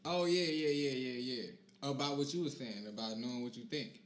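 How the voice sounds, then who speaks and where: A young man co-hosting a podcast, chatting casually in a laid-back, rambling way that often trails off quietly. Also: medium pitch, moderate pace. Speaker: podcast co-host. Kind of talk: casual chat. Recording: roomy with faint hiss.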